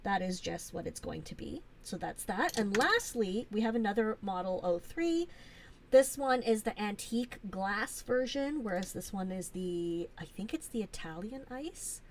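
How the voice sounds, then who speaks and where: Slow, gushing woman streaming live. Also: mid-range voice, expressive, a little hiss or hum. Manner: gushing, chatty, with many fillers. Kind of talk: casual live-stream show-and-tell.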